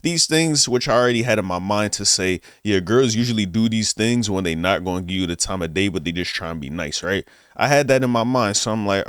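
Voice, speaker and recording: A man's voice: fairly low pitch, animated, a little fast, fairly bright tone, smooth, no echo, studio quality. A young man, a vlogger, telling a casual story in a laid-back, slangy way and acting out both sides of a conversation.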